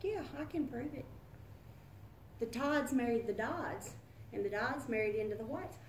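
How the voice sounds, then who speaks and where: An older woman, a retired schoolteacher, chatting in a lively, teasing way. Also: moderate pace, far from the mic. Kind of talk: casual chat. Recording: roomy sound from off-mic with faint rumble.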